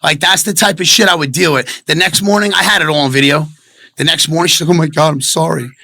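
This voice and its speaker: A man's voice: on the high side, fast talker, sharp tone. A man giving an emotional, defensive interview about his breakup, rambling and earnest.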